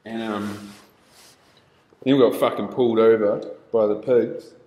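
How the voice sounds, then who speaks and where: A man's voice: lowish voice, steady tone, unhurried, dark tone. A young man casually telling stories, laid-back and swearing constantly. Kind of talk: casual storytelling. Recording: roomy echo.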